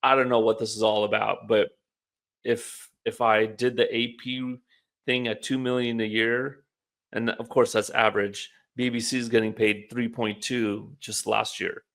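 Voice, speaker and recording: A man's voice: fairly low pitch, little pitch movement, a little slow, fairly bright tone. A man co-hosting a political talk show, casual and wry, musing aloud with rhetorical questions. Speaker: podcast co-host. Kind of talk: political commentary chat.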